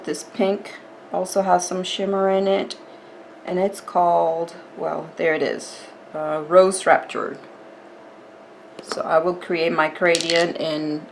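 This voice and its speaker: A woman with a fairly low voice walks through a nail art tutorial, chatty and relaxed, explaining each step as she goes. There is a faint hiss in the background. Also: gravelly.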